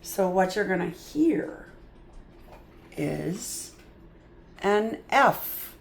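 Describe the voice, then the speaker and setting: Slow, patient woman tutoring phonics. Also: mid-range voice, expressive, creaky, a little hiss or hum. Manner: slow, patient, sounding out letters and words; chatty asides with frequent "yep" and "mm-hmm". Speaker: reading tutor. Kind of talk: phonics lesson.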